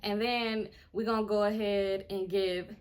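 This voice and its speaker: A woman's voice: mid-range voice, unhurried. Chatty young woman telling a storytime. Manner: chatty, animated, heavy on filler "like", acts out others' lines. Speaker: vlogger. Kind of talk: casual storytime.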